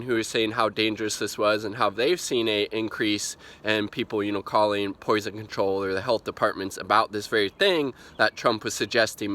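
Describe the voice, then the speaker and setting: Fed-up guy ranting to camera, bright voice, swears a lot, lots of you knows. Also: lowish voice. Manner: exasperated, profane, rambling with many fillers. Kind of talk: ranting video commentary.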